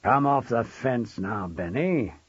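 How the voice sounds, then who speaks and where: A man's voice: mid-range voice, wildly swooping pitch, moderate pace, darkish tone, slightly rough, no room sound. A man reading an audiobook, voicing a witty, commanding middle-aged schoolmaster who lectures with sardonic, theatrical flair. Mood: growling warmly. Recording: dull dry close recording.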